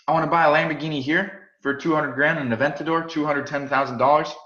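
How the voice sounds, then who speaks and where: A man teaching a live class in an energetic, chatty way, often repeating and restarting words. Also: a little high, fast. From United States. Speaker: crypto trading instructor. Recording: roomy, slightly dull sound.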